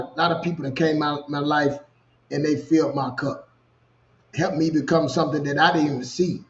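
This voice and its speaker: A man with a Louisiana accent, a co-host telling a personal story in casual, animated talk. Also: a little high, dull audio. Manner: animated storyteller, repeats "you know what I'm saying". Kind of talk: storytelling chat.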